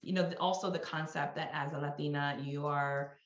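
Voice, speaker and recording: A woman's voice: deep voice, fairly even intonation, brisk. A middle-aged woman from New York, a guest executive, talking reflectively in a conversational interview and often adding "you know" and "right?". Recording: roomy, slightly dull sound.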